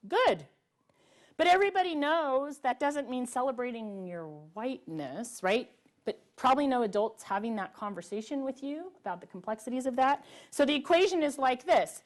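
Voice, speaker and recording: Earnest woman speaker, higher voice. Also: animated. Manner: earnest, emphatic, with drawn-out rhetorical questions. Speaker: public speaker. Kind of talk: public talk to a live audience. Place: library event room with audience.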